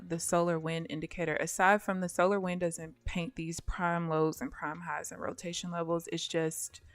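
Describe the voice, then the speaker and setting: A woman giving casual live commentary on her own day trading, thinking aloud and often dropping to soft mutters. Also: on the low side, no room sound. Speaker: day trader streaming live.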